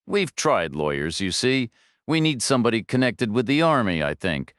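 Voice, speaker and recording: Man doing a frail old woman, audiobook, hesitant, wavering, low, resigned. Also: big pitch swings, moderate pace, a bit bright, clear, resonant tone, no echo, clean studio sound.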